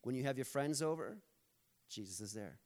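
A male pastor giving a sermon in a relaxed, conversational way. He jokes easily with the room and turns earnest when he makes his point, and his voice sits at an ordinary male pitch. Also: normal speed.

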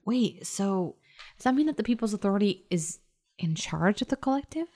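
A woman playing a tabletop role-playing game. She describes scenes in detail and reacts with lively exasperation. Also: mid-range voice, normal speed. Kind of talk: casual tabletop role-play narration. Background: music.

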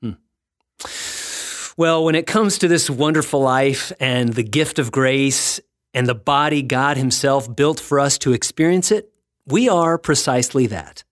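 A man hosting a devotional podcast, talking in an earnest, reflective way with gentle self-mocking humor. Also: mid-range voice, a little slow, dry recording, studio quality. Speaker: podcast host and ministry founder. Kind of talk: scripted devotional podcast talk.

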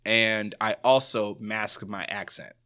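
A young man from Jamaica, a student guest in a casual podcast chat, talking in an animated, slangy way and laughing often. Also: lowish voice, slow.

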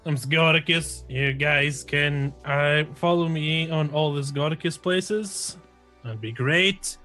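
A man player introducing himself and his character in a relaxed, joking way. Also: a little high, slow, faint music behind. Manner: relaxed, joking, plugging the show. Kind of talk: casual chat.

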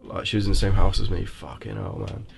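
A man's voice: low voice, very animated, quick pace, creaky, noisy background. Blunt, swearing man, podcast host. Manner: swears a lot, blunt and joking. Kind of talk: casual chat.

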